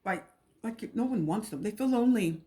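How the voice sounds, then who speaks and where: A woman's voice: mid-range voice, animated, moderate pace, mellow. A woman giving a casual, repetitive and emotional tarot reading. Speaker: tarot reader.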